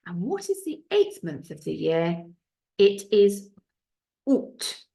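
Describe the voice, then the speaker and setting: A low-voiced woman leads a recorded video lesson for young pupils. Her delivery is clear and patient, with slight gravel, and her French words are pronounced carefully. She sounds middle-aged. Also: darkish tone. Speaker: primary school French teacher.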